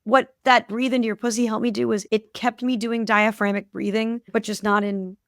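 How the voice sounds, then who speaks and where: A woman's voice: a little high, little pitch movement, normal speed, dry recording, studio quality. A woman in her thirties, a guest in a casual interview, telling stories with animation and acting out the voices of people she quotes.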